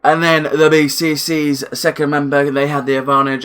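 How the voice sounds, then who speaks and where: A young man talks through a wrestling match in a loose, excitable ramble, swearing freely and circling back to the same points. His voice sits a little high and comes across bright and forceful. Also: normal speed, hardly any pauses, clean tone. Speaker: wrestling reviewer. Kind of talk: casual video review.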